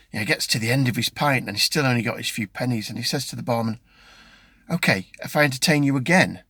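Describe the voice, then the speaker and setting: A chatty middle-aged man with a British accent talks casually from inside his car, rambling a little with frequent ums and restarts. His voice sits at an ordinary middle pitch. The sound is close and dry, with no room echo. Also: fairly bright tone. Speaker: vlogger. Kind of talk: casual chat.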